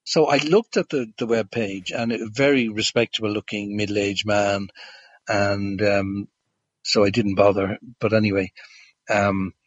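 A man's voice: on the low side, little pitch movement, a little slow, a little hiss or hum. A man telling a long story as a guest, hesitant with many fillers and restarts, on a dull lo-fi recording. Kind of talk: casual storytelling.

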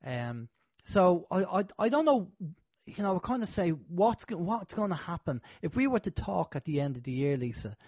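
A man's voice: high voice, very animated, normal speed, darkish tone, no room sound. A man hosting a casual conversation, talking in a rambling, hesitant way with many fillers.

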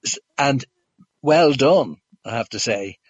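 A man's voice: medium pitch, lively intonation, takes it slowly, slight background noise. A man telling a long story as a guest, hesitant with many fillers and restarts, on a dull lo-fi recording. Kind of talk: casual storytelling.

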